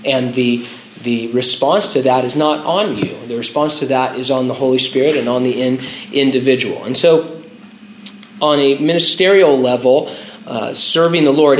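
A man's voice: medium pitch, moderate pace, echoey room, slight background noise, poor audio. A pastor preaching a conversational sermon, stopping to restart his phrases and using filler words.

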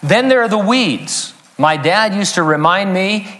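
A man's voice: high voice, expressive, unhurried, fairly bright tone, in a large hall. A man preaching a sermon as pastor, breaking in with joking asides and chuckling at his own jokes. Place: church sanctuary.

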